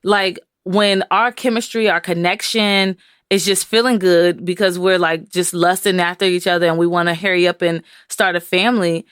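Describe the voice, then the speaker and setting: A woman co-hosting a podcast in casual chat, animated and given to acting out quoted voices. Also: normal speed, clean tone, no room sound, clean studio sound. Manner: animated, acts out quoted voices in high pitch. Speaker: podcast co-host.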